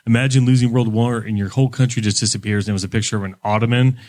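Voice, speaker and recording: A man's voice: medium pitch, fairly even intonation, very fast, darkish tone, no echo. A man co-hosting a podcast, rambling through his thoughts in casual chat. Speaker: podcast co-host.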